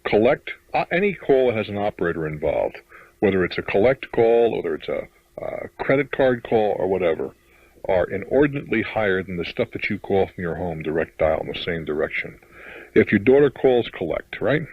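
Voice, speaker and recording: Blunt middle-aged radio host guy, husky voice that jumps around a lot, thin lo-fi broadcast sound. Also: low voice, fairly quick, no room sound. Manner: blunt, chuckling, lively advice-giver. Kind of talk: call-in radio advice.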